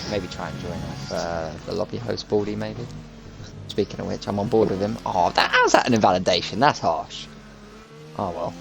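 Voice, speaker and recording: A man's voice: lowish voice, a little fast, creaky. A man commentating live on an online racing league, chatty and jokey as he calls the laps. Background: music.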